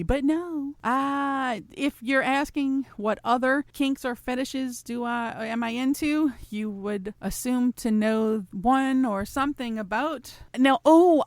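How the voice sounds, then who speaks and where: A woman's voice: a little high, no room sound. A woman hosting her own show, reading out listener questions and answering them in a chatty, teasing way, laughing often and rambling with restarts. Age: adult, past college. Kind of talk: casual solo chat show.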